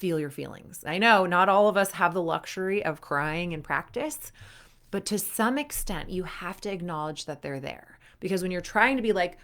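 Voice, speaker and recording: A woman's voice: on the low side, lively intonation, normal speed, fairly bright tone. A young adult woman coaching athletes in a casual, chatty way, full of fillers and acted-out inner thoughts. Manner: chatty, frequent "like" fillers, acts out inner voices. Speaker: performance coach.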